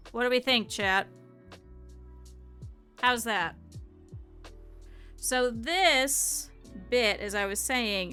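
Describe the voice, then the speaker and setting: A woman's voice: mid-range voice, sharp tone, clean tone. A young woman streamer chatting casually with her viewers while she sketches a sewing pattern, thinking aloud as she goes. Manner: thinking aloud, addressing chat. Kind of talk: casual live-stream chat while crafting.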